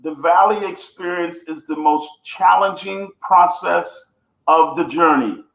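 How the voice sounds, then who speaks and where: A man with a somewhat high, gravelly voice tells his story earnestly and repeats phrases to build each point. His voice bounces around an echoey room. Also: a little slow, fairly bright tone. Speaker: guest, coach and author. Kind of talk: reflective storytelling.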